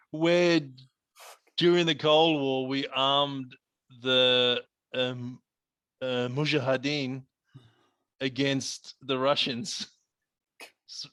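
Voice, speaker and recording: A man co-hosting a casual podcast, telling stories with energy and laughing often. His voice is mid-pitched and dry, recorded close with little room sound. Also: extremely slow, long pauses, smooth, no echo. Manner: animated storyteller, laughs often. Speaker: podcast co-host. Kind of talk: casual chat.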